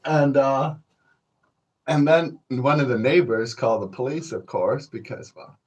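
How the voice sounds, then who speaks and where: The man speaks unhurriedly in a medium-pitched voice with a darkish tone, and the audio sounds dull. On his podcast he rambles alone through laid-back, profane tales, chuckling as he calls the audience folks.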